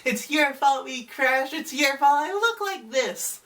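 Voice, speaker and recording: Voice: high-pitched, expressive, measured pace, sharp tone, recorded from a distance, voice pushed up, exaggerated voice. A video reviewer voicing a bitter sixteen-year-old girl who shrilly accuses her mother. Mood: resentful.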